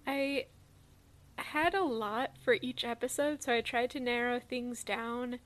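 A woman's voice: on the high side, fairly even intonation, a little slow. Rambling woman podcast co-host. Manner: rambling, with filler likes and soft asides. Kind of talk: casual podcast chat.

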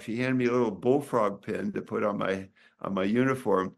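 Rambling older man, low voice. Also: creaky. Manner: rambling, halting, many restarts. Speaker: author and doctor. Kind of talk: casual interview chat.

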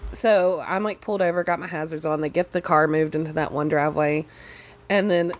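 Lowish-voiced woman. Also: brisk. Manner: animated, swears freely, acts out quotes. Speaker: podcast co-host. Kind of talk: casual storytelling chat.

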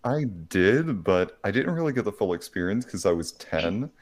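Low-voiced man telling a story. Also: normal speed. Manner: self-mocking, animated storytelling. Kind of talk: casual anecdote.

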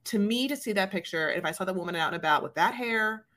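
A woman's voice: medium pitch, animated, fast, fairly bright tone. A woman co-hosting a podcast in casual chat, rambling with many fillers and playfully mimicking people. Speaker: podcast co-host.

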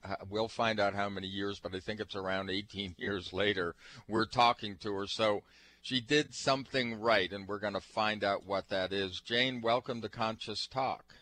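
A man co-hosting a radio talk show, introducing a guest in a relaxed way with frequent fillers. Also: fairly low pitch, normal speed, dry recording, poor audio. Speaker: radio co-host.

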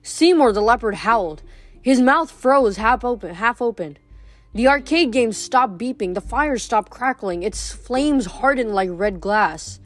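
A woman reading a novel aloud in a steady, measured narration. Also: a little high. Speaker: reader.

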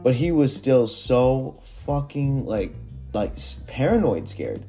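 A young man telling stoner stories from Reddit in a rambling, animated way, full of fillers and swearing. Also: mid-range voice, slow, soft background music. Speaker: storyteller reading Reddit posts. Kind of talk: casual storytelling.

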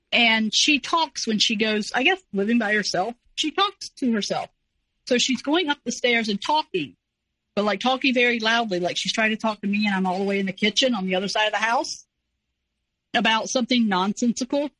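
A woman in her forties, an interview guest telling a personal story in a casual, animated way. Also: fairly high pitch, moderate pace, no room sound, rough recording. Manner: animated, acts out quoted voices.

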